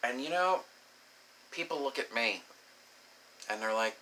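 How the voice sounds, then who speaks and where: A young man telling a crude comic story, profane and animated, acting out the voices in his quotes. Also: mid-range voice, normal speed, long pauses, slight background noise. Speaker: comedic storyteller. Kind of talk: crude comedic monologue.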